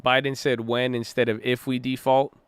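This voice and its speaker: A man giving casual live commentary on the stock market, excitable and easily startled, joking about conspiracy theories. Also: mid-range voice, moderate pace, smooth, no echo. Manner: excitable, jumpy, laughs when startled. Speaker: market livestreamer.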